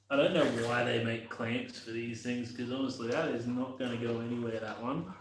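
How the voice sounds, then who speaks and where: Young guy fixing his bike and muttering away, mid-pitched voice, roomy echo. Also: a bit bright, slight background noise. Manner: rambling, mutters to himself, swears casually. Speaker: vlogger working on his motorbike. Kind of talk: casual running commentary while working.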